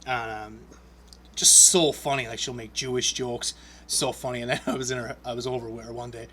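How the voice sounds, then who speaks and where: Animated, bright-voiced man telling stories. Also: medium pitch, a little fast, a little hiss or hum. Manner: swearing, animated storyteller with laughs. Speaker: podcast host. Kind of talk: casual chat.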